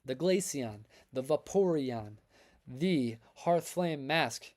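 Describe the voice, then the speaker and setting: A man's voice: medium pitch, slow pace. A man hosting a trading card livestream, chatting casually with viewers in a hyped, upbeat way, his voice worn from reading. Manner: energetic, hype-filled, talks to chat as folks and man. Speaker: livestream host reviewing trading cards.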